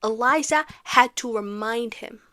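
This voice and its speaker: A woman's voice: fairly high pitch, unhurried, bright, forceful tone, no echo, clean studio sound. A young adult woman giving a casual musical recap, ranting dramatically with sudden whispered asides. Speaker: content creator.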